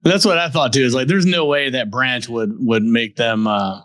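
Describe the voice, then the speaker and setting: A man's voice: medium pitch, normal speed, fairly bright tone, no room sound. A man co-hosting a podcast, adding dry, sarcastic asides in casual movie chat. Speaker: podcast co-host.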